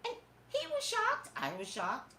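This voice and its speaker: A woman hosting a casual live-stream talk show, gossiping in an animated way and talking straight to her viewers. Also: extremely high pitch, unhurried. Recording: echoey room with faint noise.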